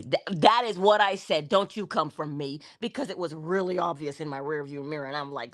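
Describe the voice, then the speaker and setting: A woman hosting a spiritual talk, animated and laughing often as she tells stories. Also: low voice, fairly quick, hardly any pauses. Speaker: spiritual channel host. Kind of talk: casual spiritual talk to viewers.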